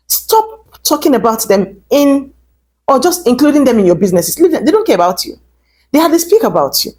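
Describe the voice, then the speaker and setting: Woman host, husky tone, earnest commentary straight to viewers, repeats herself for emphasis. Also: a little high, a little mellow. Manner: pleading, repeats phrases for emphasis. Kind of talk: direct-to-camera commentary.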